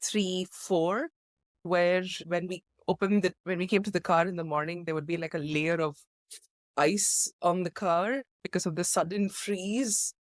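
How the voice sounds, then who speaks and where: A woman's voice: lowish voice, fairly even intonation, unhurried, dry recording, studio quality. A woman co-hosting a casual podcast, telling stories animatedly and laughing often. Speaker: podcast co-host. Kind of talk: casual chat.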